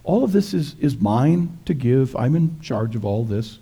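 A smooth, sly devil coaxes and flatters, as a male preacher puts him on. The voice swings between high and low, with a husky, gravelly edge. He wheedles like a salesman in a sermon's retelling. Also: unhurried, heavily acted. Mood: wheedling.

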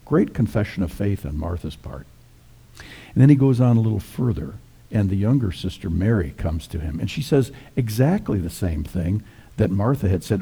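A man's voice: fairly low pitch, expressive, moderate pace, creaky, warm tone, breathy edge. A middle-aged male pastor preaching a sermon, retelling scripture in a folksy, conversational storytelling manner.

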